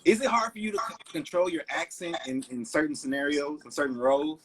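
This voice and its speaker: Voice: medium pitch, fairly quick, background noise. A podcast host asking questions in a casual interview and joking around playfully.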